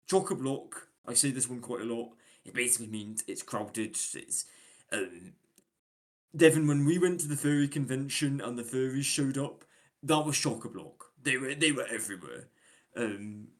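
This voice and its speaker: A man with a Yorkshire accent, chatting casually as a host and explaining British slang, with lots of fillers and restarts. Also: medium pitch. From England. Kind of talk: casual chat.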